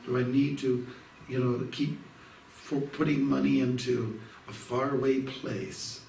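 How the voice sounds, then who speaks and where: A man's voice: medium pitch, level tone, a little slow, gravelly, darkish tone. A man, a monk from Canada, giving an informal devotional evening talk, rambling through stories with many fillers and restarts. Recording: roomy hall, distant mic, faint noise.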